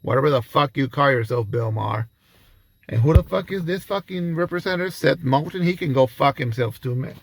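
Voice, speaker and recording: A man's voice: a little high, lively intonation, brisk, vocal fry. A man giving an angry, profane reaction commentary, ranting heatedly.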